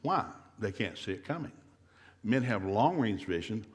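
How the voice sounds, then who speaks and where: A man's voice: on the low side, animated, moderate pace. A middle-aged man giving a humorous marriage seminar talk in a folksy, joking way, acting out couples' dialogue. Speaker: guest seminar speaker.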